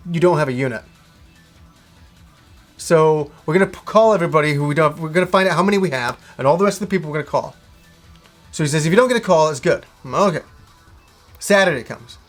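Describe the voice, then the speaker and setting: A video game vlogger with a slightly high voice rants his way through a casual story, animated and loose. He acts out both sides of every conversation and swears freely, with faint music playing beneath him.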